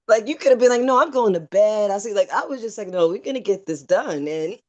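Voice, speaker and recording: A woman's voice: medium pitch, animated, a little fast, darkish tone. A woman co-hosting a casual chat who laughs as she retells events and quotes herself.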